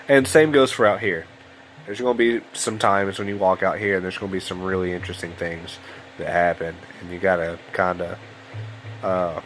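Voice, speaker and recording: Sitting at a computer in his home room late in the evening, this young let's play host yawns his way through loose, rambling commentary. The low-pitched voice sounds a bit bright, and there's some hiss or hum in the rough recording.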